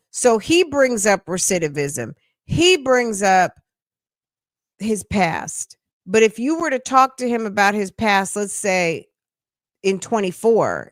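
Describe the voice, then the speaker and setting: A woman's voice: mid-range voice, dry recording, studio quality. A woman hosting a reaction stream, giving blunt, slangy, scolding commentary in a casual way. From United States. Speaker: commentary host.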